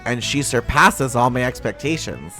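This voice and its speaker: A man voicing a formal, seasoned male naval commander from a game, reading in a lowered, stately manner. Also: sing-song, moderate pace, bright, forceful tone, soft background music.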